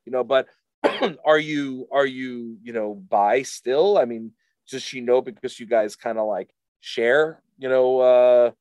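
A middle-aged man co-hosting a casual chat, rambling and halting with many restarts. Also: mid-range voice, a little mellow, smooth, no echo. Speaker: podcast co-host.

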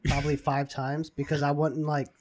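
Rambling, laid-back man with a higher voice. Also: completely flat delivery, normal speed. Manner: rambling, filler-heavy storytelling. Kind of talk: casual chat.

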